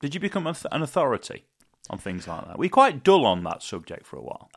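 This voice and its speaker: Male co-host, animated pitch, teasing, chatty. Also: quick pace, vocal fry. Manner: teasing questions, hesitant fillers. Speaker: podcast co-host. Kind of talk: casual chat.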